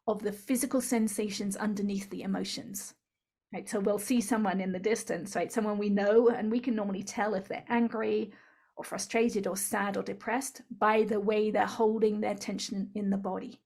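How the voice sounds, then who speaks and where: A woman's voice: medium pitch, flat delivery, moderate pace, a little mellow. Earnest woman explaining, keeps saying "right?". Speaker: author and speaker, interview guest. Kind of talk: explaining in an interview.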